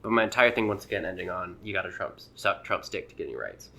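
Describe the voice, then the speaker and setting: Fast-talking bright-voiced man. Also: deep voice, lively intonation, creaky. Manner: rambling, acts out voices when retelling jokes. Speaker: podcast co-host and amateur comedian. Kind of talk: casual chat.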